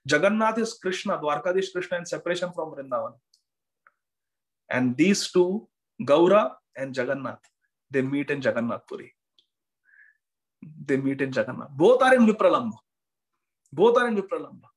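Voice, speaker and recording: A man's voice: on the high side, animated, normal speed, long pauses, low-quality recording. Man giving a devotional lecture online. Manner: storytelling, repeats key phrases for emphasis. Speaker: guest speaker giving a devotional class. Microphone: online video call.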